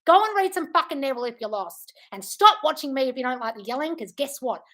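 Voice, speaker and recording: A woman manifestation coach answering viewer comments on a livestream, blunt and profane, breaking into loud scolding rants of tough love. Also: high voice, lively intonation, fast talker.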